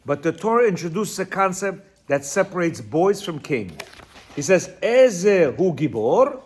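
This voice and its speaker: A man's voice: sits high, very animated, a little slow, a little mellow, slightly rough. A man teaching on marriage and self-control, reading passages aloud and explaining them with frequent asides. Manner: reads quotes aloud, then explains with asides and constant "you hear?", "right?"; sometimes stumbles over Hebrew words. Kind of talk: informal religious teaching talk.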